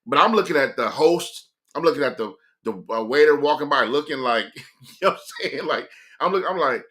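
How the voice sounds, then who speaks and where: Streamer from California, casual storyteller, bright and tense voice, slangy delivery. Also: male voice, mid-range voice, brisk. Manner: animated, slangy, stop-and-start.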